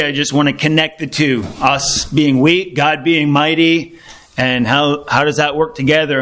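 His voice is on the high side and a bit bright as he delivers an informal sermon to a small group of worshippers. He speaks conversationally, often restarting and clearing his throat.

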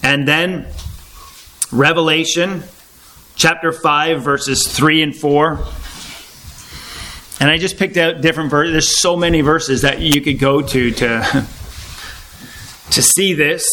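A middle-aged man preaching a sermon, reading scripture slowly and then explaining it in a plain, casual way. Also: fairly high pitch, fairly even intonation, sharp tone, a little hiss or hum, rough recording.

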